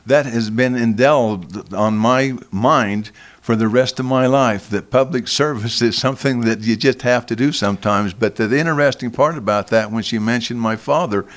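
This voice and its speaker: An older man, a guest in a radio studio, telling a long personal story slowly, with frequent restarts and repeated words. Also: mid-range voice. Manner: slow, halting, with many restarts.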